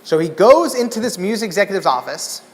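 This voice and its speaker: A man from Los Angeles telling an animated story in a keynote talk, acting out the people in it. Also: high-pitched, fast. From Los Angeles, USA. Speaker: keynote speaker. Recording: echoey conference hall.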